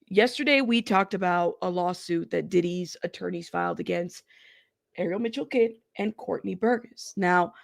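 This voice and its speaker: A woman's voice: on the low side, normal speed, gravelly, no echo, clean studio sound. A woman hosting a casual news livestream, chatty and blunt, who laughs often, greets her chat by name and has a slightly sick throat.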